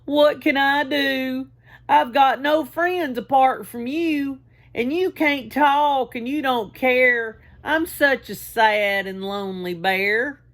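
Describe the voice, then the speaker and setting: A woman's voice: sits high, takes it slowly, fairly bright tone, voice pushed up, heavily acted. A woman voicing a big, sad, lonely male bear in a storybook reading, whimpering and weepy.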